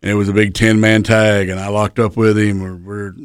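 A man's voice: on the low side, little pitch movement, fairly quick, smooth, no echo, studio quality. A man, a wrestler telling profane road stories on a podcast and laughing as he goes. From Chattanooga area, Tennessee. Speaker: professional wrestler guest. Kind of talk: casual podcast storytelling.

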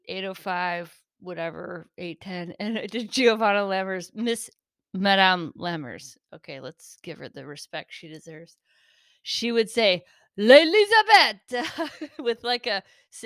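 A woman's voice: mid-range voice, a bit bright, smooth, no room sound, studio quality. Giggly, rambling woman podcaster. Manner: rambling, giggly, self-interrupting. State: a little shaky from caffeine. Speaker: podcast host. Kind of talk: casual solo podcast monologue.

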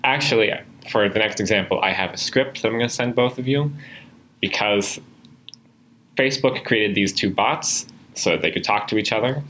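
Bright-voiced man hosting a podcast. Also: fairly low pitch, moderate pace, rough recording. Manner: explanatory, filler-heavy. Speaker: host. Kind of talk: podcast conversation.

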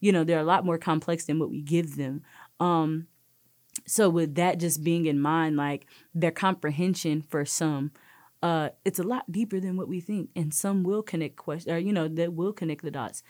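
A woman's voice: deep voice, fairly even intonation, normal speed, darkish tone, dry recording, studio quality. A young woman hosting a podcast, chatting casually and telling stories with lots of "like" and "you know". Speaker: podcast host. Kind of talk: casual chat.

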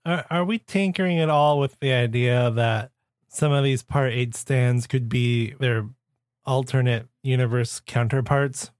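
A playful man co-hosting a casual podcast, quick to laugh and toss in jokes. His voice sits at an ordinary pitch and comes through a dry, close mic with almost no room sound. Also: dry recording. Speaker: podcast co-host.

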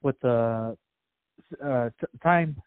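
A man's voice: mid-range voice, extremely slow, clean tone, dry recording. A man co-hosting a podcast, casually recounting game and film history in a hesitant way with many fillers. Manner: fact-listing, hesitant with fillers. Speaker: podcast co-host. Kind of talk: casual movie review chat. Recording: dry, tinny phone-like sound.

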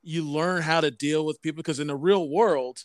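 A man in his thirties co-hosting a casual podcast, talking in halting, stop-start bursts. His voice sits a little high for a man, and it sounds close and dry on the mic, with almost no room around it. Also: steady tone, no echo. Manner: halting, repeats words and restarts often. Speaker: podcast co-host.

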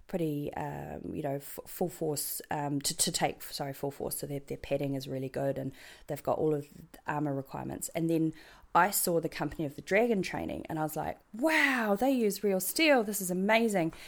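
A woman's voice: sits low, fairly even intonation, brisk, gravelly. A woman with a New Zealand accent, a guest chatting in an interview, rambling along with lots of ums and restarts and laughing at her own jokes. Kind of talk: casual interview chat.

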